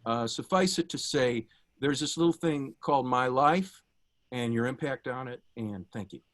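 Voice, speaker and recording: A man's voice: mid-range voice, normal speed. A man speaking over a video call, giving a heartfelt tribute to his former professor, telling anecdotes with light laughs. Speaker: memorial speaker, former student.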